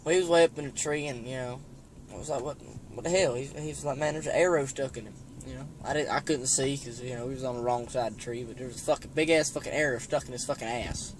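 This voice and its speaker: A young man with a mid-range voice and quick pace tells a hunting story casually as a storyteller vlogger. He rambles, swears heavily and pads nearly every line with "you know."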